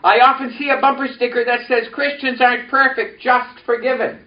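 A high-voiced male preacher works the room with lively call-and-response. His voice sits well back from the microphone in a reverberant hall. The recording is muffled and dull. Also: fairly quick. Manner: animated, leads congregation in call-and-response. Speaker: pastor. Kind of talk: sermon with personal story. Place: church sanctuary. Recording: echoey, distant, dull church recording.

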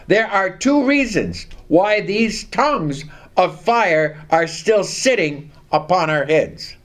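Male preacher, high and lively voice, slow deliberate sermon delivery with scripture reading. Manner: reads scripture aloud and has the congregation repeat lines; slow, deliberate emphasis on key words.

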